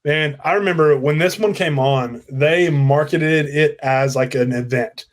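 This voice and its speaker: Chatty young man, fairly high voice. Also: a little slow. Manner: relaxed, rambling storyteller. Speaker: co-host. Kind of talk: casual podcast chat.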